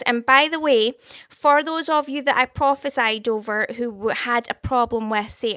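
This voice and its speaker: A woman's voice: fairly high pitch, pushed and bright, smooth, no room sound, studio quality. Chatty Scottish woman on a livestream. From Scotland. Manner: chatty, reads out viewer comments and thanks them. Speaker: livestream host giving prophecy. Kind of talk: live-stream chat and prophecy. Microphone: studio microphone.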